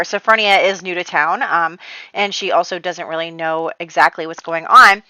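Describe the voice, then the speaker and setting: A woman's voice: fairly low pitch, sharp tone, clean tone, no room sound, low-quality recording. A woman casually recapping her Sims story, chatty and full of "like", quoting her characters as she goes. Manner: chatty, quotes characters in quick voices, lots of "like". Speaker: Sims gameplay narrator.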